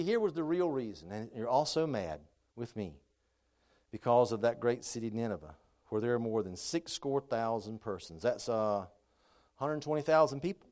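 A man preaching a sermon, moving between calm scripture reading and loud, high, impassioned stretches.

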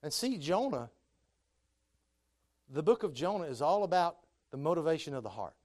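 Man preaching with impassioned pitch swings. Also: normal speed. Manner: swings from calm reading to loud, high-pitched impassioned preaching. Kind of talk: sermon.

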